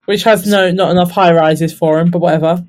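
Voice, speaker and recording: A woman's voice: on the low side, steady tone, brisk, a little mellow. A woman chatting casually as a podcast co-host, trailing off and restarting her sentences. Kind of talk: casual chat.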